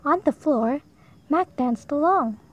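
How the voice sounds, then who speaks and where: A woman reading a rhyming picture book aloud for young children, in a slow, sing-song read-aloud manner. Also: sits high, lively intonation, muffled recording. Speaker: storybook reader. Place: home.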